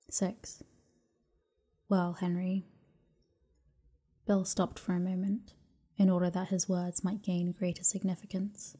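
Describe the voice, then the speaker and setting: A woman reading a classic novel aloud as a calm bedtime story, soft and unhurried, slipping into whispers at times. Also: on the low side. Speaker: narrator.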